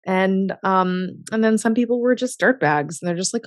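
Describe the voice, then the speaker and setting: A woman's voice: medium pitch, lively intonation, slow pace, long pauses, no room sound, studio quality. A woman speaking as a guest in an interview, candid and emphatic, sprinkling her talk with "like" and frequent laughter. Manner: emphatic and self-assured, heavy use of "like"; laughs often. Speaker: author and business co-founder, interview guest.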